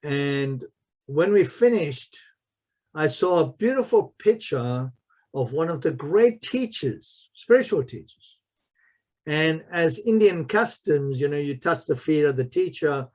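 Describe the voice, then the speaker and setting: In a podcast interview, a man who is a martial arts master and spiritual mentor tells stories with emphasis, repeating key phrases. His high-leaning, darkish voice has lively intonation and a measured pace.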